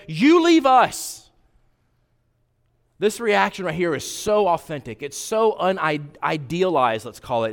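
A man preaching a sermon as pastor, animated, swinging from loud emphatic peaks to hushed intense asides. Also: fairly high pitch, long reverb tail.

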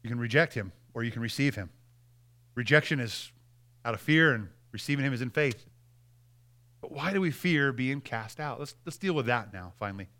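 A male pastor preaching a sermon, earnest, reading quoted passages aloud with emphasis and dropping to a hush at key lines. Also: medium pitch, lively intonation, normal speed. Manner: earnest, with repeated restarts and dramatic drops in volume.

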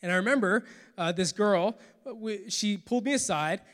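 A man in his thirties preaches with a high, bright voice and tells his story in a lively, animated way. His words ring out with a long reverb, like in a church hall. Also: moderate pace. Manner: storytelling, animated with acted quotes. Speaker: pastor. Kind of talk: sermon testimony.

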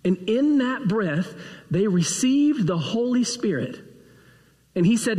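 A pastor preaching a sermon, retelling a gospel story and acting out the voices of its figures. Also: male voice, high-pitched, big pitch swings, takes it slowly, warm tone. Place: church sanctuary. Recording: long hall reverb.

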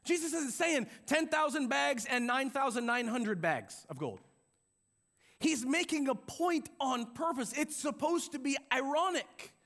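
A man preaching a sermon in a church, conversational and animated, acting out quotes as he goes. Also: very high-pitched, measured pace. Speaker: pastor. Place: church sanctuary with a balcony.

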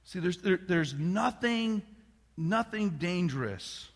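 With a high-pitched, animated voice, a middle-aged pastor takes his time through a sermon, loosely narrating a family story with restarts and sometimes falling to a soft near-whisper. The sound carries the long reverb of a large hall.

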